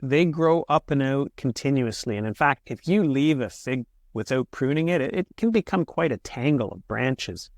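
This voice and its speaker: Calm explaining man, dry close sound. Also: mid-range voice, normal speed, hardly any pauses, no echo. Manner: patient, explanatory, frequent restarts. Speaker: horticulturist guest. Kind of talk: casual interview answers.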